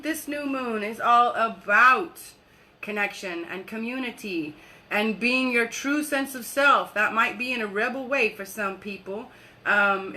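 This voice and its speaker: Woman coach doing a live workshop, bright tense voice, chatty and fast when she gets excited. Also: a little high. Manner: talks quickly when excited, laughs often; leads slow guided breathing. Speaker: wellness coach.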